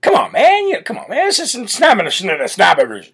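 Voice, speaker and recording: A man's voice: sits high, wildly swooping pitch, fast, a bit bright, slightly rough, heavily acted. A man doing a mocking impression of a rambling elderly male politician, slurring and repeating himself. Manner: trailing, slurred repetition.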